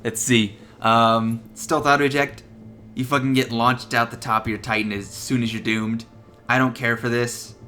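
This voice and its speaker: A young man with a bright, forward voice talks through game tips in a loose, swearing, offhand way. Now and then he laughs at his own jokes. Faint music sits under his voice-over. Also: mid-range voice, flat delivery, moderate pace. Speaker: gaming video creator. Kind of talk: casual gameplay tips commentary.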